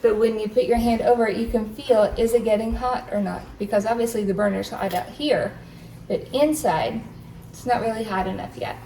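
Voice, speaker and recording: A woman's voice: a little high, a little fast, warm tone, a little hiss or hum, low-quality recording. A middle-aged woman chatting through a cooking demonstration in her home kitchen, explaining each step as she goes. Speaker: home cook demonstrating a recipe. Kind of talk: casual cooking tutorial.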